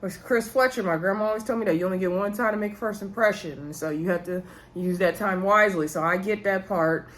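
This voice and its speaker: A woman's voice: medium pitch, a little fast, a bit bright. A woman, casually recapping a reality show episode and talking straight to her viewers. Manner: chatty, addresses viewers as y'all.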